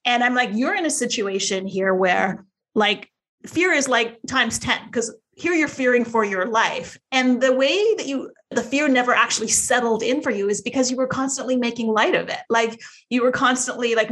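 A woman's voice: on the high side, moderate pace, fairly bright tone. A woman hosting a podcast, listening closely and responding thoughtfully to her guest. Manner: reflective, affirming listener. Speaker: podcast host. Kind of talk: casual conversation.

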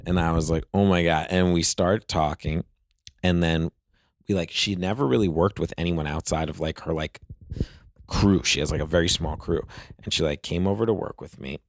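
A man's voice: sits low, normal speed, no room sound, clean studio sound. A man, a guest on an interview show, telling casual stories in a rambling way full of "like" fillers.

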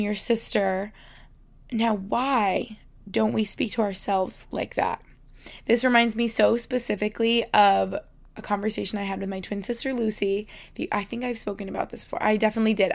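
A woman's voice: mid-range voice, vocal fry. A young woman hosting a podcast alone, chatty and heartfelt, talking with many "like" fillers and close to tears at times. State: on the verge of tears. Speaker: podcast host. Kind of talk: casual solo podcast talk.

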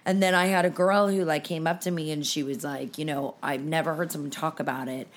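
Low-voiced woman hosting an emotional podcast chat. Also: fairly even intonation, brisk, slight background noise. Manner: emotional, candid, talks through tears. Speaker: podcast host. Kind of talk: casual chat.

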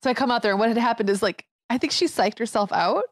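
Animated woman podcast co-host, dry sound. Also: a little high, fast, dry recording. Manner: animated storyteller, laughs often. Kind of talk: casual chat.

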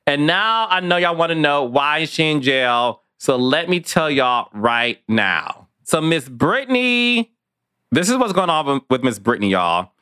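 A man's voice: fairly high pitch, pushed and bright, clear, resonant tone, dry recording, studio quality. A man hosting a gossip podcast, sassy and chatty, calling listeners "child" and "honey". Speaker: podcast host.

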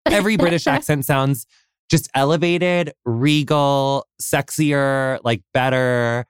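A man's voice: medium pitch, takes it slowly, clean tone, no room sound, clean studio sound. An American man hosting a podcast interview, gushing and effusive, full of fillers and casual swearing. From United States. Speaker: podcast host.

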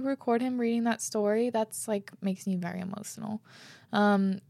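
A woman's voice: medium pitch, normal speed, vocal fry, a little mellow, no room sound. A woman hosting a podcast, chatting casually and gushing with lots of "like" and "oh my gosh". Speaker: podcast host. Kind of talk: casual podcast chat, reading listener letters.

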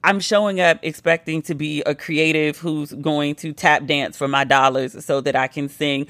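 A woman's voice: low voice, fairly even intonation, normal speed, hardly any pauses, a bit bright, no room sound. A woman hosting a podcast, tipsy and telling a playful story in a casual monologue, now and then mimicking her friends. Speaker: podcast host.

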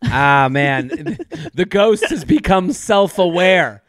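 A man's voice: sits high, very animated, takes it slowly, no echo. A man co-hosting a casual chat, joking and often restarting his sentences. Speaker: podcast co-host.

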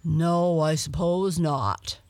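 Reading a storybook aloud, a woman voices a friendly, warm-hearted male dog, shifting to a slower, lower, louder delivery with a changed timbre. The recording has no room sound.

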